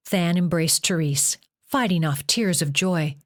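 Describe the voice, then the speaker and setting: A woman narrating a novel as an audiobook in a measured reading. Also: lowish voice. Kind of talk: scripted narration.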